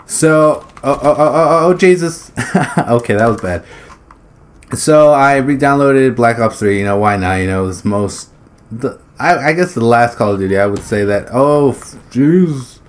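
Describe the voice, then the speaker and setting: A man's voice: mid-range voice, a little slow. A man talking casually over his gameplay, rambling, swearing freely and blurting out exclamations as he plays. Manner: rambling, swears freely, laughs between phrases; blurts exclamations during play. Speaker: gaming YouTuber.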